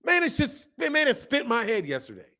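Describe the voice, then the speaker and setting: A man hosting a boxing live stream, reading viewer comments and ranting in animated, slangy talk. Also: very high-pitched, fairly quick. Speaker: boxing channel host.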